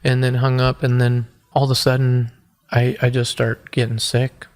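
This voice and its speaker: An American man in his forties, a guest on a podcast, recounts his own hard story in an interview. He speaks earnestly and haltingly, frequently restarting sentences, in an almost completely flat, level voice of middling pitch.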